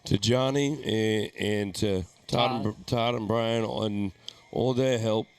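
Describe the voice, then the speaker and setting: A man's voice: on the low side, fairly even intonation, slow pace, smooth. A man giving easygoing, chatty live play-by-play commentary at a darts tournament. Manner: easygoing, chatty, laughs easily.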